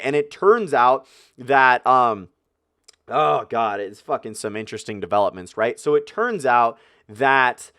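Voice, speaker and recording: A man's voice: fairly high pitch, a bit bright, no room sound, clean studio sound. A young man telling a personal story to his viewers, swearing freely and acting out his own angry outbursts. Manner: profane, ranting, acts out his own outbursts. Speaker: vlogger. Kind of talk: casual storytelling.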